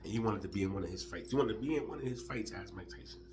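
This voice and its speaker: A man's voice: lowish voice, very fast, noisy background. A man talking casually to his viewers about living spontaneously, loose and profane, laughing often as he talks. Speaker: vlogger. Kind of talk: casual spiritual monologue.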